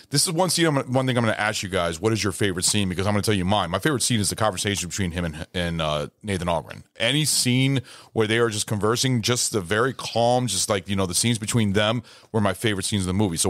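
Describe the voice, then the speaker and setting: A man's voice: fairly low pitch, fast talker, fairly bright tone, no echo, studio quality. A man hosting a movie podcast, sharing trivia and putting questions to his co-hosts in casual chat. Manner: asks questions, shares trivia, some stumbles. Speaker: movie podcast host leading the discussion.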